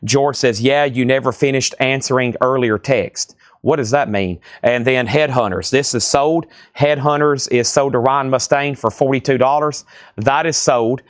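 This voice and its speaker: A man's voice: mid-range voice, no room sound, studio quality. Man rattling off a live record sale. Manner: rapid-fire listing, joking and sarcastic asides. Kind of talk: livestream record auction. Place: record store.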